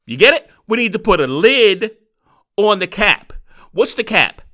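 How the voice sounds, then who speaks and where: A man hosting a solo podcast, talking in an animated, rhetorical way. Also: sits high, a little slow. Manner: animated, rhetorical, mocking quoted voices. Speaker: podcast host.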